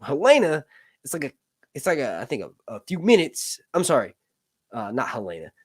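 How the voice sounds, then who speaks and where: A man's voice: mid-range voice, wildly swooping pitch, a little fast, breathy edge, no room sound, clean studio sound. A man hosting a casual livestream chat, rambling with lots of fillers and jokes. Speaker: host.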